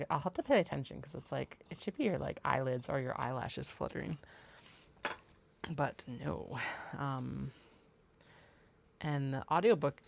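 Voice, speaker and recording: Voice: mid-range voice, gravelly, a little hiss or hum. A livestream host chatting casually while sewing at home. The talk rambles, full of "like" and restarts. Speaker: bag maker and livestream host.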